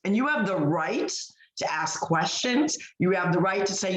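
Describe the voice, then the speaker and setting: A woman's voice: mid-range voice, lively intonation, moderate pace. A woman co-hosting a podcast, telling a story in casual chat with emphatic delivery, full of fillers and restarts. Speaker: podcast co-host. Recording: echoey room.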